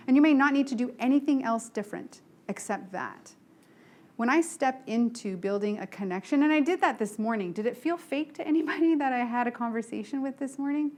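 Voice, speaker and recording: A woman's voice: a little high, fairly quick. A middle-aged woman giving a motivational leadership talk to a live group, telling stories frankly and acting out the dialogue. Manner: lively, frank storytelling with acted-out dialogue. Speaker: leadership speaker.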